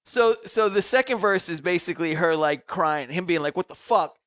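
A man with a fairly high voice co-hosts a casual podcast. He reads out lyrics with dramatic relish and swears freely. The sound is close and dry. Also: normal speed, fairly bright tone, no room sound. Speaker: podcast co-host. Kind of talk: casual chat.

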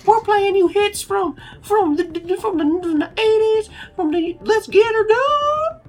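A man voicing a loud, spaced-out party DJ who shouts drawn-out hype calls over background music. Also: very high voice, voice pushed up. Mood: hyped.

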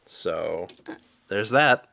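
A man's voice: sits low, expressive, drawn-out words, creaky, sharp tone, no echo. Wry man playing a tabletop game. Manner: wry, joking about bad dice rolls. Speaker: player. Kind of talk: casual tabletop play.

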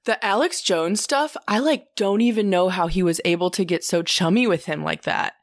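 A woman's voice: lowish voice, normal speed, no room sound, clean studio sound. A woman co-hosting a podcast in casual chat, emphatic and profane, laughing often. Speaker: podcast co-host.

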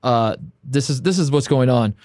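Man, podcast co-host, casual sports chat, animated storyteller, dry close sound. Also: mid-range voice, normal speed, no room sound. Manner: animated, storytelling, laughs often.

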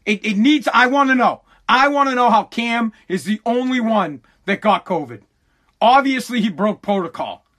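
A man's voice: very high-pitched, expressive, moderate pace, fairly bright tone. Fired-up, cursing man ranting on podcast. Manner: heated, profane and repetitive. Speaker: podcast host. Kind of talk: casual livestream podcast rant.

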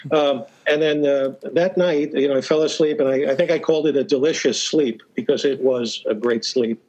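A man guesting on a podcast tells stories in a relaxed way, full of hesitations, restarts and fillers, with an occasional chuckle. His mid-range voice is slightly mellow, with fairly even intonation and a normal speed. The recording sounds muffled.

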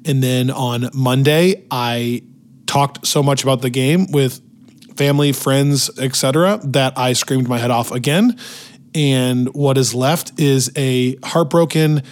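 A man hosting a weekly football podcast, his voice worn out and hoarse, talking in an energetic, opinionated way. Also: medium pitch, measured pace. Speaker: podcast host. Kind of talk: casual sports talk. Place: hotel room in Las Vegas.

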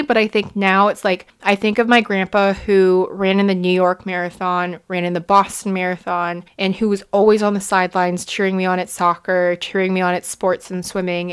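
Young woman, mid-pitch, clear resonant voice, casual earnest vlog monologue full of fillers. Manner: heavy use of "like" and "you know" fillers; earnest and heartfelt. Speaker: marathon runner.

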